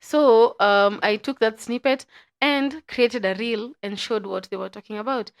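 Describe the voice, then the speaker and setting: A woman's voice: on the high side, unhurried, smooth. Playful Kenyan woman podcast host. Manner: playful, chatty. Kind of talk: casual podcast chat.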